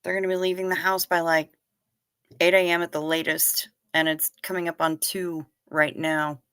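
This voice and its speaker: A woman hosting a casual livestream, chatting and reacting to comments with quick asides. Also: on the low side, little pitch movement, a bit bright, clear, resonant tone, no echo. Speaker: livestream host reading chat. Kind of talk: casual chat.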